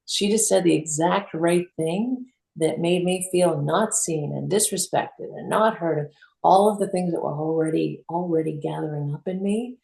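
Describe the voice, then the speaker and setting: Low, gravelly-voiced woman co-host. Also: normal speed. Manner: animated storytelling, acts out quotes. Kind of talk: reflective conversational talk. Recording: roomy echo.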